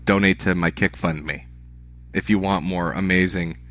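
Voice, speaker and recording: A man on a live stream speaks in a slightly low voice. His delivery is deadpan and sarcastic, with crude swearing that comes across as mock pleading. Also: unhurried, no echo. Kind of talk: livestream commentary.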